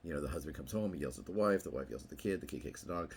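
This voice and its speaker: A man's voice: rumbling low, expressive, rapid-fire, slight background noise. A middle-aged man talking casually to camera, telling rambling anecdotes and acting out what people said in a raised voice. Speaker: vlogger.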